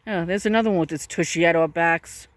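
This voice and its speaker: This woman's voice is lowish and she talks fast, captured in a dry recording. She's filming farm animals outdoors on a handheld camera, chatting to the cows and donkeys in coaxing baby talk.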